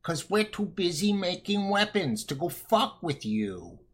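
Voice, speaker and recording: Mocking caricature: scolding older woman official, voiced by a man, shrill and indignant. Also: big pitch swings, unhurried, breathy edge, full character voice.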